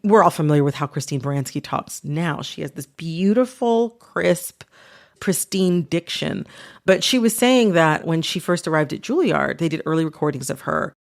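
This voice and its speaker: A woman's voice: low voice, moderate pace, creaky. A woman hosting a podcast, chatting casually and animatedly with lots of "like"s. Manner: casual and animated, many filler "like"s. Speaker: podcast host. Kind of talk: conversational podcast chat.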